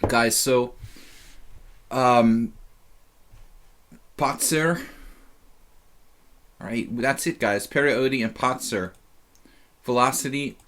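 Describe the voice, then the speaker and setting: A man's voice: mid-range voice, slow, pauses often, a bit bright. A tired man casually commentating his chess simul on a live stream, rambling and chatty with lots of fillers.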